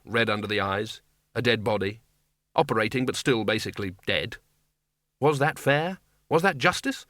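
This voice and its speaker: A man's voice: mid-range voice, a bit bright, dry recording. A man narrating a comic fantasy audiobook in a dry, wry storytelling manner on a close studio mic. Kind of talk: scripted narration.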